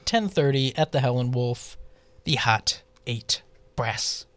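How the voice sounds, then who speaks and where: A man's voice: medium pitch, animated, takes it slowly, a bit bright, dry recording. A man co-hosting a casual radio show, reading out the events calendar with joking asides and stumbling over names.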